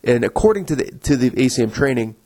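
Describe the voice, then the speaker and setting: A man's voice: medium pitch, expressive, fast talker, a little mellow, low-quality recording. A man hosting a podcast, explaining things in a casual, conversational way with frequent restarts. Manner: conversational, full of restarts, acts out inner voices. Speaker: podcast host.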